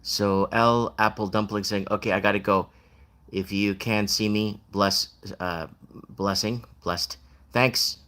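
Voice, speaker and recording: Guy doing a livestream, bright voice, rambly and chatty, reads out comments. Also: fairly low pitch, fairly even intonation, takes it slowly. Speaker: livestream host reading viewer comments. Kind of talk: casual livestream chat.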